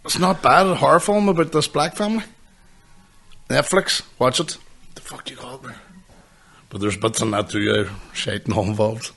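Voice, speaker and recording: A man's voice: medium pitch, moderate pace, gravelly, long pauses, fairly bright tone. A man chatting casually as a podcast co-host, rambling and swearing freely. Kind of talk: casual chat.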